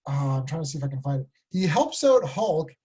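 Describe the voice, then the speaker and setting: A man co-hosting a casual comic book chat, rambling excitedly and acting out quotes. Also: fairly high pitch, a little fast, husky. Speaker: podcast co-host.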